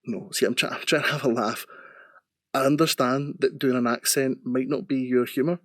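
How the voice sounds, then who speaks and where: A man's voice: mid-range voice, fairly even intonation, moderate pace, fairly bright tone, no room sound, clean studio sound. A man defending himself in a response video, justifying his behaviour. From Scotland. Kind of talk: defensive explanation.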